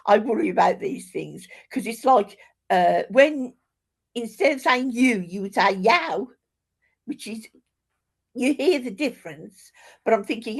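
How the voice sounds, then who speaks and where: A woman with a lively, up-and-down voice asks questions in an online writing workshop. She sounds hesitant and self-deprecating, and her audio comes over a video call. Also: on the high side, slightly rough. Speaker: workshop participant.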